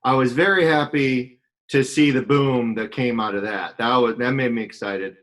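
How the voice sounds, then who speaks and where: A man playing a tabletop game, speaking in a halting, unsure way. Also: mid-range voice, a bit bright, distant mic. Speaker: player. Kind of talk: in-character play at a tabletop game.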